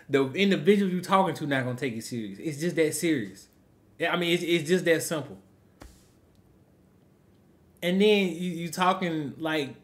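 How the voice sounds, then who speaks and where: Guy with a high voice ranting in a reaction vid, blunt, says things twice. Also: fairly bright tone. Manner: blunt, emphatic, repeats himself. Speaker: reaction channel host. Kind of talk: casual reaction commentary.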